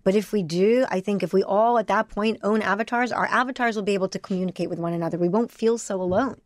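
Emotional woman talking in quick bursts. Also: medium pitch, no room sound, clean studio sound. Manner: emotional, rapid bursts with many restarts. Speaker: interview guest. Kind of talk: candid interview conversation.

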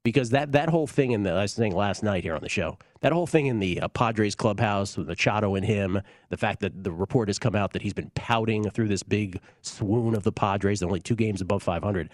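A man's voice: fairly low pitch, a little fast, few pauses, dry recording, studio quality. A man hosting a sports betting show, giving blunt, confident opinions in casual talk.

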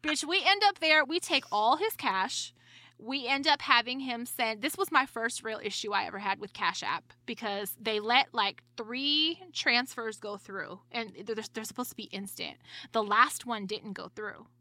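Bright-voiced profane woman storyteller. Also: a little high, moderate pace, no room sound. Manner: blunt, profane, laughs through her story. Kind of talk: casual storytelling chat.

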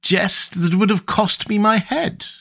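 A quick-tongued, scheming nobleman, as a male reader puts him on. He hurls his accusations in a raised, lifted pitch that sits well above the narrator's own voice. It is a plain storybook rendering of a character. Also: creaky, sharp tone, exaggerated voice. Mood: urgent. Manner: heated, accusing, higher than the narration. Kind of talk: audiobook character reading.

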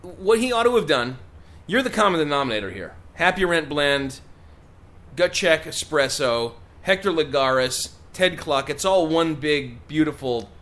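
A man's voice: a little high, expressive, a little slow, a bit bright. A man co-hosting a comedic talk show, joking and egging on his partner. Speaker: podcast co-host. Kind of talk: comedic banter.

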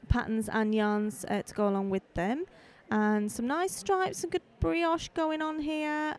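A high-voiced woman hosts a live podcast while strolling between outdoor stalls. She talks into a handheld mic in a chatty, rambling way and keeps throwing in friendly asides. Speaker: podcast host. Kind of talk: casual live walkabout podcast. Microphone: handheld microphone.

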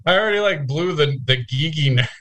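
A man's voice: fairly high pitch, expressive, a little fast, fairly bright tone. Joking man co-hosting a podcast. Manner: joking, teasing, laughs often. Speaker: podcast co-host. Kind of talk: casual chat.

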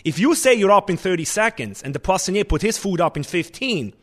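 Animated man telling kitchen stories. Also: sits high, brisk. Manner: animated, restarts often, acts out kitchen shouting. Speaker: chef. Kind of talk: conversational storytelling.

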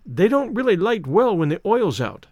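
A man's voice: high voice, big pitch swings, normal speed, darkish tone, no echo, clean studio sound, voice pushed up. A man voicing a proud, cool young woman in a storybook reading, frosty and polite.

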